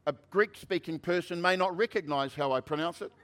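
A man pastor preaching a sermon, shifting from conversational asides to loud, emphatic preaching. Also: on the high side, fairly quick.

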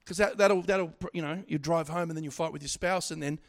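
A middle-aged man preaching a sermon, swinging from loud exhortation to quiet asides, with stammering restarts. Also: fairly high pitch, steady tone, fairly quick.

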